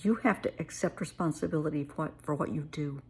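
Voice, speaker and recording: A woman's voice: sits low, fast, creaky, a little mellow, husky. A middle-aged woman therapist telling a personal story and giving earnest, emotional advice. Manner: earnest, emotional, calls listener honey.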